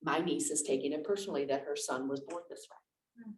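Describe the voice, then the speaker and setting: A woman minister with a low-pitched, darkish voice talks a little fast in a conversational lecture packed with personal stories. She's candid and chatty, full of restarts and asides. It's recorded in an echoey church lecture room on a distant mic.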